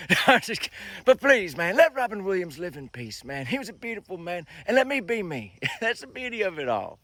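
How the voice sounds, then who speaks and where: Man, high voice, swings up and down a lot, chatty, laughs often, dry close sound. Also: sing-song, fairly quick, a bit bright, dry recording. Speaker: social media personality. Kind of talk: casual talk to camera. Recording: clip from a social media video.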